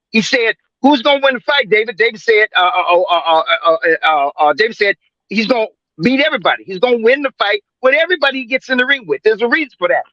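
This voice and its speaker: A man's voice: high voice, pushed and bright, no echo, dull audio. A man in his seventies hosting a boxing panel, talking in a rambling, emphatic, profane way with many fillers and restarts. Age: 70s. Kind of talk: casual profane sports debate.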